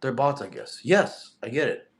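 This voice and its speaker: A young man from Russia, a fitness streamer reading live chat, animated and quick to get annoyed at spammers. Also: mid-range voice. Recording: echoey room.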